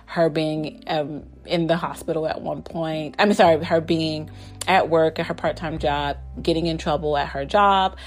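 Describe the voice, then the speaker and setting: A woman's voice: low-pitched, fairly even intonation, moderate pace, soft background music. A woman casually recapping a TV drama, chatty, full of fillers and restarts, often laughing. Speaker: drama reviewer.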